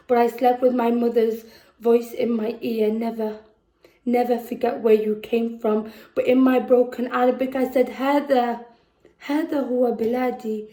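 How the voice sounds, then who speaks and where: A woman with a Scouse accent performing spoken word poetry at a festival, slow and measured, dropping to a hush on heavy lines. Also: on the high side, roomy sound, poor audio. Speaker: poet. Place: festival venue indoors.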